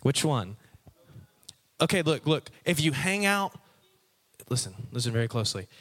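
Animated, playful preacher man. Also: mid-range voice, normal speed. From Texas. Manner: animated and playful, talks straight to the crowd. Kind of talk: joking sermon to a live audience.

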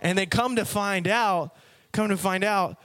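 Young male youth preacher, animated storyteller with a somewhat high voice. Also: unhurried. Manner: animated storytelling, addresses the audience. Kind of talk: sermon testimony.

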